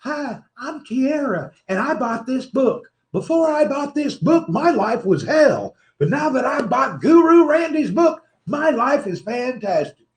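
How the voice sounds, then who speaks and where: A man's voice: extremely high pitch, very animated, a little slow, roomy sound, voice pushed up, full character voice. A man putting on the voice of a woman gushing a fake product testimonial, sweet and exaggerated. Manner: overly sweet, exaggerated praise.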